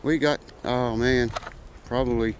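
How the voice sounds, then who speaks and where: A man's voice: medium pitch, steady tone, measured pace, slight background noise, rough recording. A man making a guitar repair video, chatting casually in a rambling, folksy way with plenty of "uh" fillers. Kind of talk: casual vlog chat.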